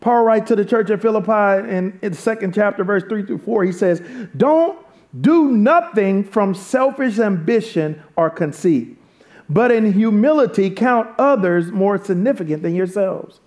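A man's voice: high voice, animated, a little slow, a little mellow. A man preaching a sermon, switching between easy, joking asides to the congregation and raised, emphatic calls. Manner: conversational, humorous asides to the congregation. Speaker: pastor.

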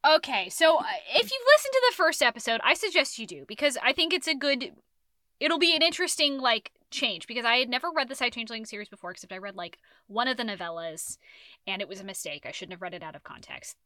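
Woman podcast co-host, bright and higher-pitched, rambling casual chat, dry close mic. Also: fast talker, dry recording. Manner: rambling, animated, swearing, with self-corrections and laughs.

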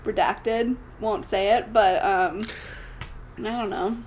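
A woman's voice: mid-range voice, fairly even intonation, takes it slowly, a little mellow, slight background noise. A woman co-hosting a podcast in casual chat, giggly and chatty, with lots of "like" fillers. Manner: chatty, giggly, heavy use of "like". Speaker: podcast co-host.

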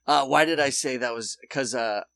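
A man's voice: medium pitch, normal speed, creaky, fairly bright tone, dry recording. Profane, rambling male podcast co-host. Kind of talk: casual comedic banter.

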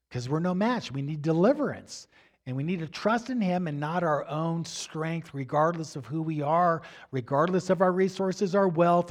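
A man with a fairly high voice tells a personal spiritual story as part of a faith teaching. His delivery is animated, swinging from hushed tones to near shouts. He repeats phrases and leans on "you know" as he talks. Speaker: Christian teacher.

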